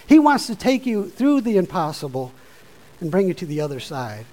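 A man preaching a sermon, informal and conversational, rising from quiet asides to loud exhortation. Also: on the high side, very animated, moderate pace, poor audio.

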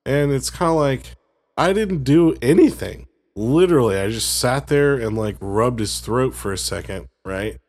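A man's voice: mid-range voice, expressive, unhurried, a little mellow. A man co-hosting a casual faith chat, telling a rambling, joking story in a laid-back way. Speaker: podcast co-host.

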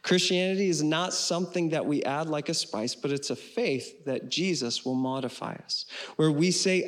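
A man preaching from the pulpit in a fairly high voice. He speaks earnestly, slowing on the words he wants to land, and moves into a quiet call to prayer. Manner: earnest, slows for emphasis and ends with prayer. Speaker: pastor. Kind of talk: sermon.

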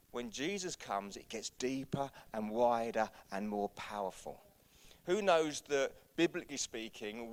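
A man preaching a sermon as pastor, urging his congregation on with rhetorical questions and swinging from hushed, low passages to shouted peaks.

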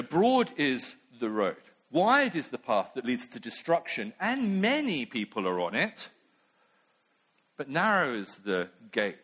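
A man's voice: mid-range voice, a bit bright. A man preaching a sermon in a conversational way, with many asides.

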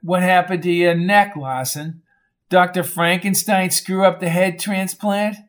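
A man's voice: sits high, steady tone, unhurried, fairly bright tone. A man reading an audiobook, voicing a hot-tempered nightclub owner who talks brash and confrontational. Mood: taunting. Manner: brash, confrontational, tough-talking.

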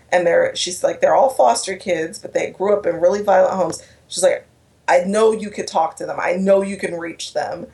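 A woman's voice: fairly low pitch, creaky, darkish tone. A woman telling an emotional personal story in an interview, earnest, with restarts and quoted dialogue. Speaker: guest speaker.

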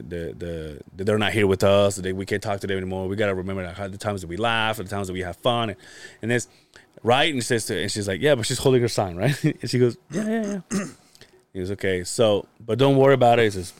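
A man on a casual podcast telling a story in animated fashion, laughing often and swearing freely. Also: on the low side, smooth, no echo. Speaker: podcast co-host. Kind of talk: casual chat.

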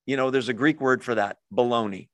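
Chatty, joking middle-aged preacher. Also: male voice, medium pitch, brisk, fairly bright tone, no room sound. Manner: conversational, rhetorical questions, humorous asides. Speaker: pastor. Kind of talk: sermon.

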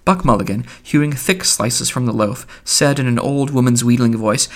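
A man reading literary fiction aloud as an audiobook, in a measured way with small slips. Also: medium pitch, a bit bright. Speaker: audiobook reader.

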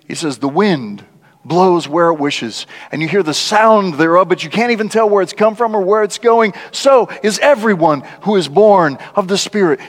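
A man preaching a conversational sermon as a guest speaker, animated and laughing often, acting out the lines he quotes. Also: sits high, normal speed. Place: large church. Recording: church hall with long reverb.

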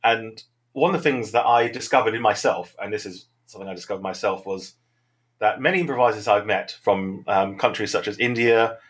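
A man's voice: on the low side, fairly quick, a bit bright. A man with a Southern English accent, an improv teacher talking through his thoughts in a reflective, rambling interview answer.

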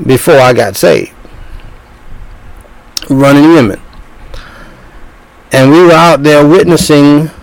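A man's voice: medium pitch, gravelly, darkish tone, no room sound, rough recording. An older man in his sixties preaching a sermon as a pastor, talking in bursts with repeated words and restarts.

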